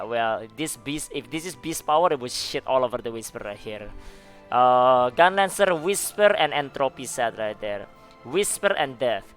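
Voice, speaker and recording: A man's voice: medium pitch, a bit bright. A man giving laid-back, chatty commentary on a live stream, often laughing and tossing in "man" and "dude.". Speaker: streamer reacting to game forum posts. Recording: faint music behind the voice.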